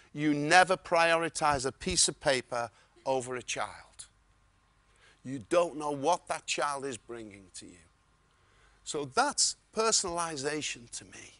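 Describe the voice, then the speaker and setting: A man giving a storytelling keynote talk, lively and chuckling as he goes. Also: on the high side, no echo. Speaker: keynote speaker.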